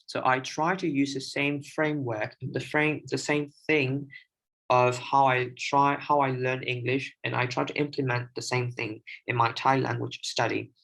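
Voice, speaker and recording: Gravelly-voiced young man, halting speech. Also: mid-range voice, little pitch movement, a bit bright, poor audio. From Myanmar. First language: Burmese. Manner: hesitant, many restarts and fillers. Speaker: language learner sharing tips. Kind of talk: casual livestream talk.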